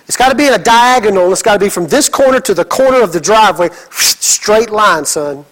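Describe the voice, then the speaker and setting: A middle-aged man preaching a sermon, telling stories with lively acted quotes. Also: sits high, a little fast, rough recording. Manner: animated storytelling with acted quotes. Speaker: pastor.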